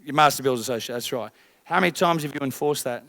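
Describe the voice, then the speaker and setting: A man's voice: medium pitch, very fast, dry recording. A man coaching a group of business owners, blunt and swearing, firing rhetorical questions. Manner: energetic, rising loud at the end.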